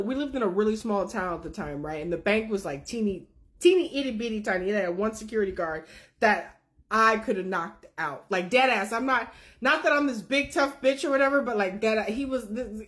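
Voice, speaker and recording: A woman telling a wild personal story in a casual, profane, animated way, laughing as she goes. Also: a little high.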